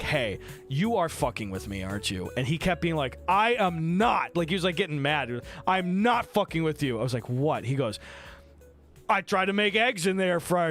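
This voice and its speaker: A young man speaks in a mid-range voice into a desk mic while streaming from home. His storytelling is casual and animated, packed with frequent swearing and acted-out lines from other people.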